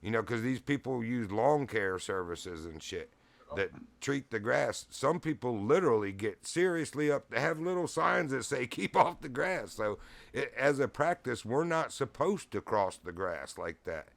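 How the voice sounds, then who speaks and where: A man's voice: medium pitch, lively intonation, moderate pace, gravelly. A man telling a rambling, profane story in casual chat, laughing often and getting heated as he retells it. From Virginia. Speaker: streamer.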